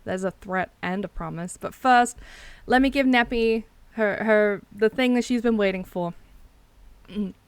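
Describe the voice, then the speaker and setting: A woman's voice: medium pitch, unhurried, clear, resonant tone, dry recording. A woman from South Australia with a South Australian accent, chatting casually on a stream, laughing often and swearing freely.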